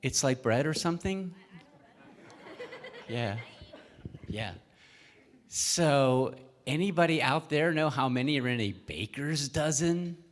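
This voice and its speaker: A man's voice: a little high, lively intonation, takes it slowly, long pauses. A male minister telling a children's story at a worship service, asking the children questions as he goes. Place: church sanctuary. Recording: echoey church hall.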